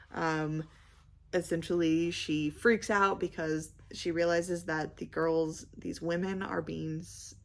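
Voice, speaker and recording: A young woman chatting casually about books she read, rambling with many fillers and pausing to search for words. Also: fairly low pitch, vocal fry. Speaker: book vlogger. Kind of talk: casual book review chat.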